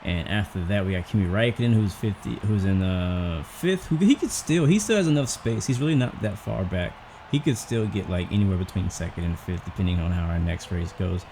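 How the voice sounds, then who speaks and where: A low-voiced man gives casual, rambling commentary over a racing game, thinking out loud as he goes. He sounds out of breath and keeps a chatty, unhurried flow. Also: a little hiss or hum. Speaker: gaming channel host.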